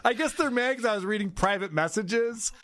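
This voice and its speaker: A man's voice: high-pitched, a little fast, fairly bright tone, dry recording. A man hosting a podcast, giving sarcastic commentary on clips and laughing often. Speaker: podcast host.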